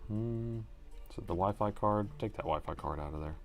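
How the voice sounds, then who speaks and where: A man's voice: on the low side, normal speed, soft background music. A man hosting a live laptop repair stream, muttering to himself as he works and chatting casually with viewers. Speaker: livestream repair host.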